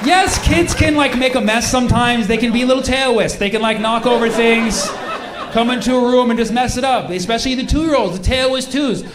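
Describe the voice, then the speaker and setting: High-voiced ranting male comedian. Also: steady tone, a little fast, roomy sound, a crowd in the background. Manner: ranting, emphatic, swears often. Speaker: stand-up comedian. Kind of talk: stand-up routine. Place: comedy club stage. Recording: noisy live club with audience.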